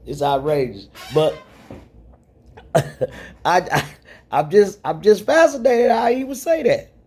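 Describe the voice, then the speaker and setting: A man's voice: sits high, expressive, slow, a little mellow, slightly rough. A man giving ranting commentary, rambling and repeating himself, heated and profane.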